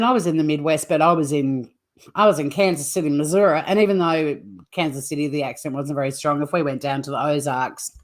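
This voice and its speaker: A woman hosting a livestream, rambling in casual chat with viewers and swearing freely. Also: sits low. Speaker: livestream host.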